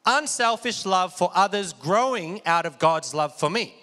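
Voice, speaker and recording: A man's voice: high-pitched, lively intonation, unhurried, pushed and bright. A man preaching a sermon with lots of energy, calling on the congregation to repeat after him. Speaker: pastor. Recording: long hall reverb.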